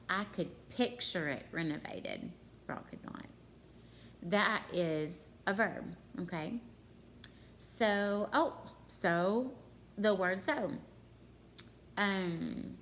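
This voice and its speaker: A woman's voice: mid-range voice, fairly bright tone, a little hiss or hum. A woman in her thirties teaching a grammar lesson to her students at home, in a chatty way that talks straight to them.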